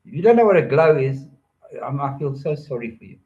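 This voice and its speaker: A man's voice: fairly high pitch, animated, a little fast, lo-fi sound. An older man telling rambling stories in a playful monologue, joking and drifting from one topic to the next. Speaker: storyteller.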